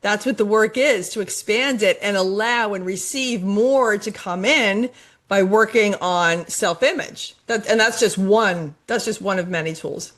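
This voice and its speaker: A woman's voice: medium pitch, a little slow, fairly bright tone. A middle-aged woman life coach talking in a podcast conversation, enthusiastic and motivational, repeating phrases for emphasis.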